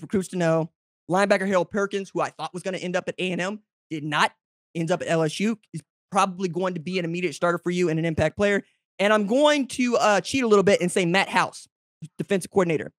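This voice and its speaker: A man hosting a college football show, giving brash, teasing commentary straight to his audience and jumping high and loud when he gets excited. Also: no room sound, studio quality. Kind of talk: opinionated sports commentary to camera.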